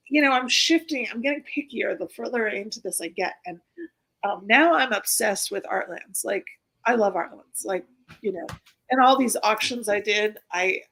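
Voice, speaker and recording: A woman's voice: medium pitch, fairly bright tone, rough recording. A woman hosting her own live stream, chatting casually and rambling with many fillers and restarts. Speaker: host of a live pin-collecting stream.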